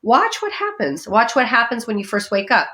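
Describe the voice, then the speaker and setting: A woman talking as a podcast guest about breathing exercises, animated, dropping into playful voices for her inner thoughts. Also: normal speed. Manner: lively, acts out inner voices with big pitch jumps. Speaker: guest energy healer. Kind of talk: podcast interview, coaching talk.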